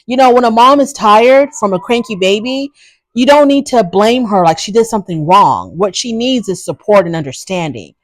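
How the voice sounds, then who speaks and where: A woman's voice: mid-range voice, lively intonation, normal speed, no room sound. A woman hosting a casual recap show, giving frank, opinionated commentary in a chatty way. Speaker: reality show recap host.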